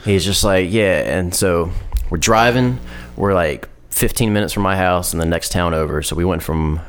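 A man's voice: low-pitched, moderate pace, smooth. A man hosting a podcast, telling a long story in a laid-back, profane way, full of "like" and quoted dialogue. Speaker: podcast host. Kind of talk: casual storytelling chat.

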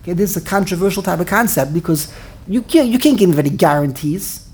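Husky low-voiced woman teaching. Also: animated, brisk, darkish tone. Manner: emphatic, with many rhetorical questions; talks with many restarts while thinking aloud. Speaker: Torah teacher. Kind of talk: religious class lecture.

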